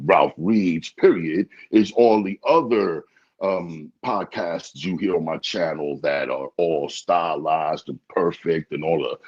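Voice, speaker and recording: A low, husky male voice talks in a relaxed interview, lively and quick to stammer, doubling words as he goes. The sound is a little dull and lo-fi. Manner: animated, stammering, repeats words. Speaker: podcast host being interviewed. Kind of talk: casual interview chat.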